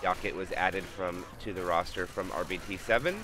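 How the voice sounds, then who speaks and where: A man's voice: sits low, fairly even intonation, normal speed. A man casting a competitive video game match live on stream, calling plays and chatting with viewers. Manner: hypes big plays, talks to chat between calls. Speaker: esports caster and streamer.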